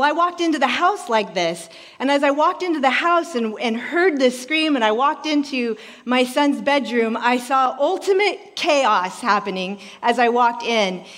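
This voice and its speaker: A woman pastor in her forties preaching a sermon in a church, telling a story in an animated way and acting out voices. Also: high voice. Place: church sanctuary. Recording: reverberant hall.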